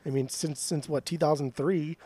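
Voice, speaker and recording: A man's voice: a little high, fairly even intonation, normal speed, warm tone, slightly rough. A young man co-hosting a podcast in casual chat, swearing freely and ranting with mock outrage at his friend. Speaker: podcast co-host.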